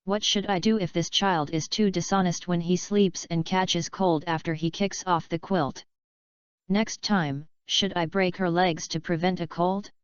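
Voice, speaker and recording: A woman's voice: fairly low pitch, fairly even intonation, unhurried, clean tone, no echo, close to an everyday voice. A woman reading the lines of a shy young heroine in an audiobook, in her own plain voice. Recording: dull lo-fi dry recording.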